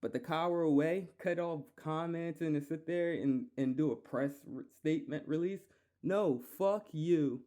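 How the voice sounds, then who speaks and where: A man's voice: fairly high pitch, normal speed, mellow. A man hosting a solo podcast, ranting heatedly and profanely, repeating himself. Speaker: podcast host.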